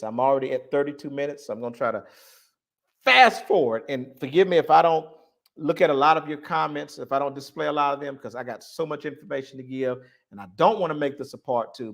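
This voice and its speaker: A man hosting a live online talk, preaching in a repetitive cadence, leaning hard on key words and letting phrase ends trail off softly. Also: mid-range voice. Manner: preaching cadence, stressing words, repeating lines. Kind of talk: live-stream monologue on religion.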